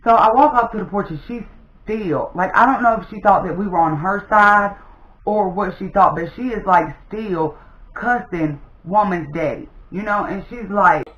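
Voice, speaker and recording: Chatty woman storyteller, lively delivery, recorded in a roomy space on a slightly muffled mic. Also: mid-range voice, moderate pace. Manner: animated, addresses viewers as "y'all". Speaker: storytime vlogger. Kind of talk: casual storytelling.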